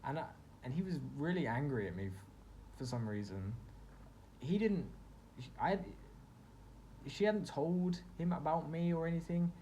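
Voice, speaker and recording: A man's voice: on the high side, expressive, moderate pace, pauses often, dark tone, a little hiss or hum. A young man telling a personal story in a casual vlog, rambling and full of fillers as he reflects on his own feelings. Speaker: vlogger.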